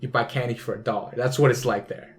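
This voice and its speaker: A man's voice: mid-range voice, steady tone, racing. A man hosting a casual podcast chat, rambling with lots of "like" and frequent laughter. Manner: rambling, fillers of "like", laughs often. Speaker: podcast host.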